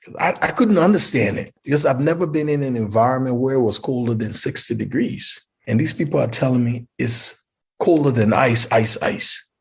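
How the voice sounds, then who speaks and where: A middle-aged man from Liberia, telling a personal story in an animated way as an interview guest. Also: medium pitch, normal speed, vocal fry, slightly rough. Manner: animated storyteller who acts out quoted voices.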